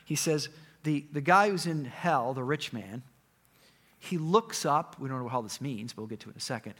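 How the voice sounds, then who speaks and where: Guy preaching a sermon in a big echoey room, acts out the story loud then drops real quiet. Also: mid-range voice, lively intonation, normal speed, slightly rough. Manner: dramatic storytelling, swings from loud to hushed. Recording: echoey hall.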